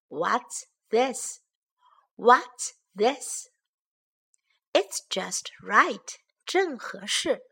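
Woman teacher reading a kids' story, very slow, slightly high. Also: a bit bright. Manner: slow and clear, repeating phrases for learners. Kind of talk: bilingual English lesson with storybook read-aloud.

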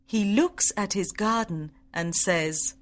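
Woman narrator, slow clear reading for English learners. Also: mid-range voice. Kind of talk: graded-reader audiobook narration for English learners.

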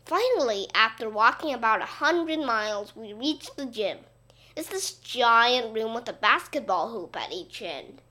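A woman giving an expressive, playful read-aloud of a children's story. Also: a little high, a little slow. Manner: animated, playful, voicing a boy narrator.

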